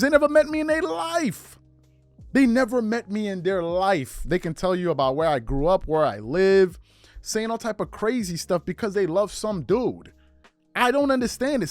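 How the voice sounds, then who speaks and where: A man in full rant mode, his high voice swooping up and down as he fires off one rhetorical question after another. The sound is dry and close to the mic, with faint music underneath. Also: dry recording. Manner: heated, rhetorical questions, emphatic repetition. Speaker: podcast host. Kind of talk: impassioned opinion rant.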